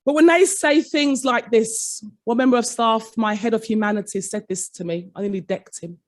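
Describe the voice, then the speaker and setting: A woman's voice: on the high side, normal speed. A middle-aged woman, a former head teacher giving a conference keynote, telling a story and acting out the voices of her staff. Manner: dramatic, acts out quoted staff in shifting voices. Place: conference hall.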